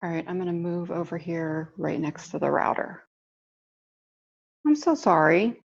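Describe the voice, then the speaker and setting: Woman giving an earnest low-pitched host's story. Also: a little slow, vocal fry, husky. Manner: earnest, heartfelt, speaks of feelings with emotion. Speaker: podcast host. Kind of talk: reflective personal storytelling. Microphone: online call setup. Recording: dull, muffled call audio.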